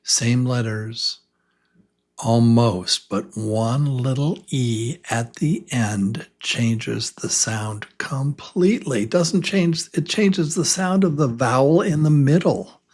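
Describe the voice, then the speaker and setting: A male English teacher who speaks very slowly, drawing out each sound and repeating words for beginners. He sounds enthusiastic and encouraging, with a voice of middling pitch. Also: darkish tone, husky. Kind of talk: slow beginner English lesson.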